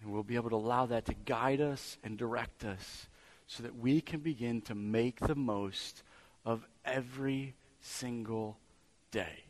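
A man's voice: mid-range voice, unhurried. A male pastor delivering a sermon in a church, with a mid-range voice. He builds his points through emphatic repetition, pressing them home.

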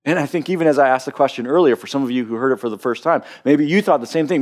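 A man's voice: mid-range voice, rapid-fire, a little mellow. A man preaching a sermon with passion, often repeating words as he starts a thought. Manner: impassioned, repeats words when starting phrases. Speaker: pastor.

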